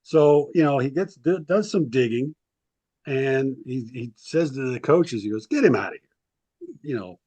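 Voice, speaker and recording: Guest historian, male, casual storyteller, filler-heavy, acts out quotes; average pitch, dead-dry recording. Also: a little mellow, no echo. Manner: rambling anecdotes with frequent ums, acts out quotes. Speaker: sports historian and author, guest.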